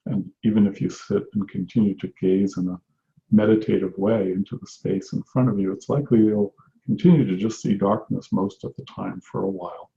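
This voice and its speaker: A man with a mellow, gravelly voice gives a meditation teaching, speaking slowly and reflectively and often restarting his phrases. The recording is roomy and echoey, with a dull, lo-fi sound. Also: on the low side, fairly even intonation. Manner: unhurried and reflective, with frequent restarts. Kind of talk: spoken teaching talk on meditation.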